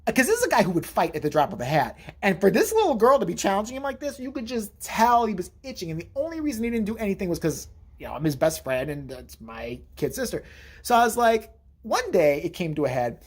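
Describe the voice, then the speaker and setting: A man's voice: high voice, big pitch swings, fast, husky. A man telling a long personal story in a casual vlog monologue, profane and rambling, correcting himself as he goes. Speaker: vlogger telling a family story.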